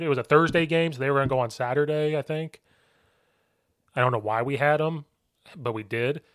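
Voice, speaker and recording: A football coach talking casually on a podcast, with a voice of ordinary male pitch. He tells animated stories and slips into quoted shouts along the way. The sound is dry, with no room echo. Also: clear, resonant tone.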